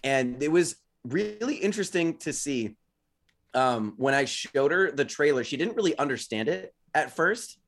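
Casting: man in his thirties, podcast co-host, slightly high voice, loose and rambling delivery. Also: expressive, normal speed, a bit bright. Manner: rambling storyteller, many fillers like "like". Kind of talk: casual chat.

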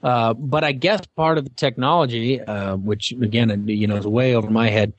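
A middle-aged man tells stories as a guest in a casual interview. His voice sits at a medium pitch and sounds dry and close. He rambles and restarts often. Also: fairly even intonation, moderate pace, no room sound, lo-fi sound. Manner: rambling, many fillers and restarts. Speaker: guest, former game show host.

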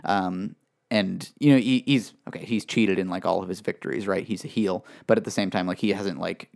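A man with a fairly low voice talks through a casual podcast conversation. He explains at length in a chatty, filler-heavy way. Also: brisk, gravelly. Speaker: podcast co-host. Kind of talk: casual wrestling chat.

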